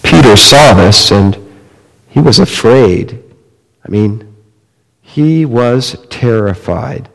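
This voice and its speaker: A man delivers a sermon at a slow, deliberate pace, telling a story with dramatic drops to near-quiet and lifts back up. His middle-pitched voice carries a long reverb, as if he stands in a large sanctuary. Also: animated, creaky. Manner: slow, dramatic storytelling with wide swings in loudness. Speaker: pastor.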